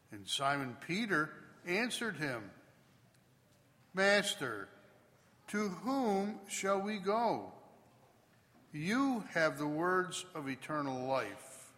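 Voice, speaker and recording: A priest reading the Gospel slowly and deliberately, lifting key phrases. His voice is bright and sits fairly high, with a lively rise and fall. Long reverb trails each phrase through the church. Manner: measured, expressive proclamation. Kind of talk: liturgical scripture reading.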